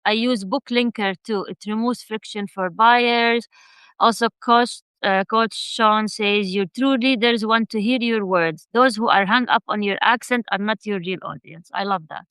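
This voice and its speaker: A woman's voice: medium pitch, a little slow, fairly bright tone, clear, resonant tone, no room sound. A woman with a non-native English accent hosting an interview, asking questions and reading out viewer comments. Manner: friendly, reads out viewer comments. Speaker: host. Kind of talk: casual interview chat.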